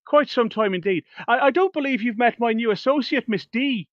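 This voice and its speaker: Man doing a pompous stage magician, flowery speech, lively pitch, dull lo-fi audio. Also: a little fast, no echo. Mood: courtly. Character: showy male stage magician, grandiloquent.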